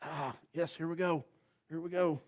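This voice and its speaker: A man preaching a sermon as guest pastor, telling the story in a folksy, dramatic way that swings from loud to hushed. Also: fairly high pitch, fairly even intonation, normal speed.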